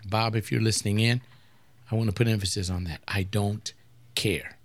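A man's voice: on the low side, steady tone, fast talker. An older man, a pastor, hosting a webcast in a blunt, provocative, rambling talk-radio monologue.

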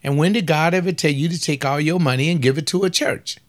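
A man's voice: a little high, quick pace. A man giving a folksy, preaching-style talk on family life. He teases his listeners and fires off rhetorical questions.

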